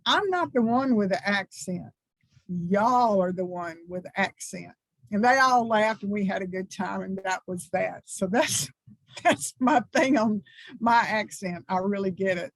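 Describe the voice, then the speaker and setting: A reverend in her sixties, a woman with a Southern drawl, shares her story with folksy enthusiasm. Her voice sits in a middle pitch and comes through dry and close, with no room sound. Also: no room sound, rough recording. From American South. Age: 60s. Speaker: reverend, guest speaker. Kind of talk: personal testimony talk at church.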